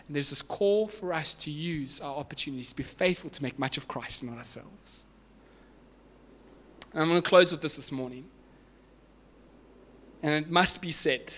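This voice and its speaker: Male pastor, sermon delivery, emphatic and building; voice a touch higher than most men. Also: a bit bright. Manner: emphatic preaching, builds to raised repeated lines.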